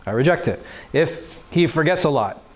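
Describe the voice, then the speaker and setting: A man's voice: on the high side, expressive, normal speed. A man lecturing a class, explaining things step by step and asking the students questions he then answers himself. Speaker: teacher. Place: mosque classroom.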